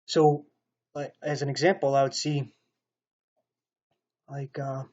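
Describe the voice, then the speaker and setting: A man's voice: mid-range voice, flat delivery, slow pace, darkish tone, husky, dull audio. A man preaching a rambling, stern sermon monologue, pressing his points with repeated rhetorical asides. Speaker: online preacher.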